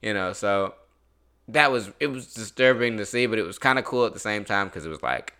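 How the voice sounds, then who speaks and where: Young man, casual chat, bright clear voice, relaxed, laughs a lot. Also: lowish voice, fairly quick. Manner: relaxed, laughs often, swears.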